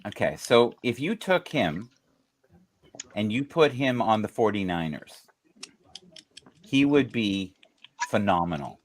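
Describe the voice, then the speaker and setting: A man chatting casually about football on a podcast, animated and joking, with the odd swear. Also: on the low side, takes it slowly, long pauses, slight background noise. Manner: animated, swears, jokey asides. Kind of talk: casual sports chat.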